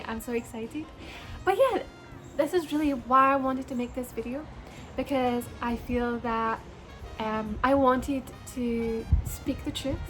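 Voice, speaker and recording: High-voiced, bubbly Scottish woman. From Scotland. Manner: bubbly and earnest, addresses viewers as "you guys". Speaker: beauty vlogger. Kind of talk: casual personal vlog to camera.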